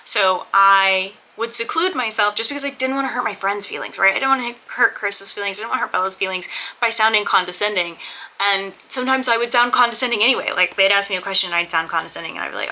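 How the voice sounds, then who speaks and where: Woman vlogger, very bright tone, candid and rambling, casual chat to camera. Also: mid-range voice, expressive, fairly quick, low-quality recording. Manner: candid, rambling, self-deprecating.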